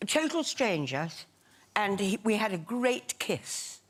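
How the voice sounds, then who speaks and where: A woman's voice: medium pitch, big pitch swings, takes it slowly. An older woman, a talk show guest telling amused anecdotes. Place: TV studio with audience. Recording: studio audience noise.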